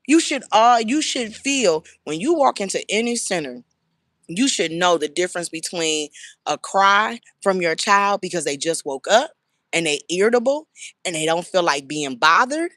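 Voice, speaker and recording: A woman's voice: on the low side, normal speed, no room sound. Emphatic woman running a child care center. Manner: emphatic, animated storytelling with acted quotes. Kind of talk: casual talk to camera.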